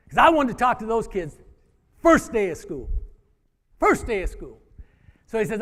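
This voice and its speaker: Guy telling an old coaching story, high voice that jumps around a lot, big hall echo. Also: moderate pace, long pauses. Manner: animated, acts out the dialogue. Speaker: former wrestling coach and speaker. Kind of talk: storytelling talk to an audience. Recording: hall reverb.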